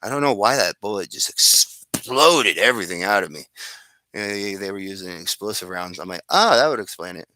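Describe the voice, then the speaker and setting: Deep-voiced man rambling through a story. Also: fairly quick, sharp tone, no echo. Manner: rambling, with restarts and asides. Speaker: fan fiction storyteller. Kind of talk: improvised casual storytelling.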